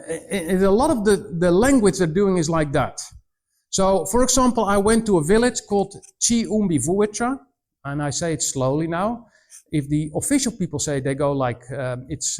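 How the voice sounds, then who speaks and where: A man in his forties stands before a college audience and gives a missionary presentation. His voice sits fairly high for a man. He tells stories with lively energy, mimics the people he met, and often stumbles over and restarts his sentences. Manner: animated storyteller, mimics voices, many restarts. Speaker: missionary speaker. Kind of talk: presentation to students.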